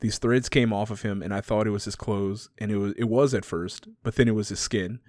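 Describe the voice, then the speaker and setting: A man's voice: on the low side, steady tone, brisk, a little mellow, no echo, clean studio sound. A man chatting casually and retelling a story, laughing often and swearing freely.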